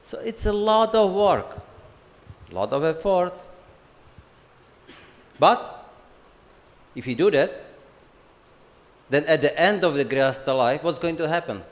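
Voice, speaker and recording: A man speaks slowly and deliberately in a slightly high voice, delivering a scripture lecture with gentle humor. His words ring out into a hall with a long trailing reverb, and he sometimes slips into little acted exchanges. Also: animated. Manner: unhurried, joking, acts out family dialogue. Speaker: swami giving a scripture class. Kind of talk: sermon.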